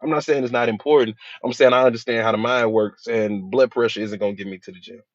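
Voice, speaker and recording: A mid-pitched man speaks as a hypnotherapist, in a casual, story-driven motivational talk full of acted-out quotes. The sound is dry and close, with a slightly dull, lo-fi tone. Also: steady tone, quick pace, no room sound.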